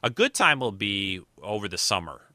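A man's voice: lowish voice, very animated, moderate pace, bright, forceful tone, no echo, studio quality. A man hosting his podcast in casual chat, rambling and often restarting his sentences. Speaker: podcast host.

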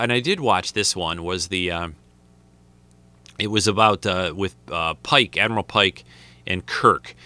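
A man giving casual, unscripted commentary on a film, rambling and halting with many restarts. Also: lowish voice, sharp tone, no room sound.

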